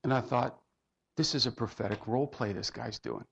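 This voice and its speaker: Man, pastor, sermon storytelling, heartfelt, mid-pitched voice, dull lo-fi recording. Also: a little fast, creaky, husky. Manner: heartfelt, dropping to soft tones in quotes.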